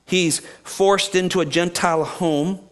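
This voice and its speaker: Man, pastor, high voice, animated sermon delivery, quick restarts. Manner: animated, acts out quoted speakers, frequent restarts. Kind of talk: expository sermon.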